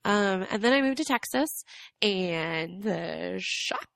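On a casual podcast, a young adult woman from Atlanta appears as a guest and reflects on her story, earnest and full of fillers, with allergies making her voice crack. Her mid-range voice is gravelly and animated, and she speaks slowly. The recording has no echo.

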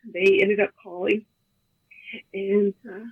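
A woman, a bereaved mother, telling the story of her daughter's death haltingly as a guest in an interview. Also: medium pitch, level tone, slightly rough. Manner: halting, emotional, quotes others often. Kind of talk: emotional personal account. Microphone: phone. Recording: tinny phone line.

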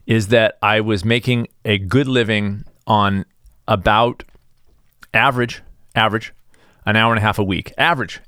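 A man's voice: mid-range voice, fairly bright tone, no echo, clean studio sound. A man hosting his own show, talking in a rambling, self-deprecating, stop-start comedic monologue. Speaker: host.

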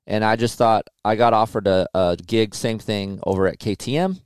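A middle-aged man with a fairly low, smooth and clear voice. He talks loosely and casually, full of "uh"s and the odd curse. The sound is dry and close, with no room echo. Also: normal speed. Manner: loose, profane, filler-heavy storytelling. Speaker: motorcycle test rider. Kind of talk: casual storytelling interview.

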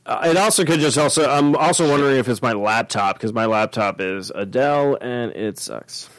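A man's voice: medium pitch, normal speed, no room sound, rough recording. Dry-voiced chatty man hosting a podcast. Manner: chatty, rambling storyteller. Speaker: podcast host. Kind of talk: casual chat.

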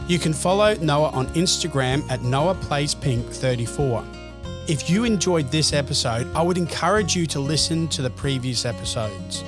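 A man hosting a podcast, reading a scripted narration in an earnest, measured way. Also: mid-range voice. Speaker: podcast host.

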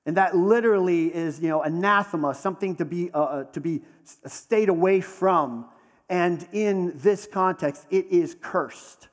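A man preaching a sermon in a conversational storytelling manner, slowing down for dramatic pauses. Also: high-pitched, big-room sound. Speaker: pastor.

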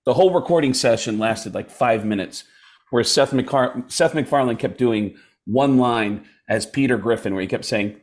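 Animated male comedian telling stories. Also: mid-range voice. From United States. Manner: animated, does quick voices mid-story, laughs through anecdotes. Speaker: guest comedian. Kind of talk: casual storytelling.

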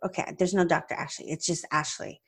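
Lowish-voiced woman on a podcast mic, chatty and animated, lots of "like"s. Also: a little fast, husky. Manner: animated, retells a phone call with lively quoted voices; chatty, many "like"s and restarts. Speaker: podcast host and practice owner. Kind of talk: casual podcast storytelling. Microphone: podcast microphone.

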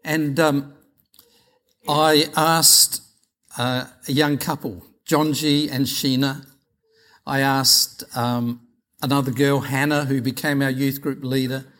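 A middle-aged Australian man, a pastor, telling stories in a chatty, animated sermon. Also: mid-range voice, slow. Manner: chatty anecdotal, animated retelling of dialogue. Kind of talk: sermon storytelling.

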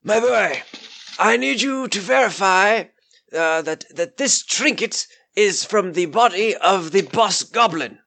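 Lord White is a fretful, courteous old nobleman, acted by a man. He speaks formally and fussily in a raised voice at an unhurried pace. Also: high voice, lively intonation, vocal fry, sharp tone, voice pushed up, heavily acted. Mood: genial. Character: polite, fretful aging male nobleman.

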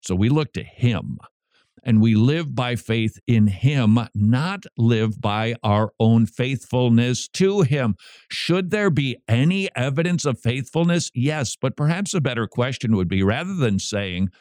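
Animated, emphatic preaching male radio host. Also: mid-range voice, measured pace, dry recording, clean studio sound. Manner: emphatic, animated preaching with sharp repeated lines.

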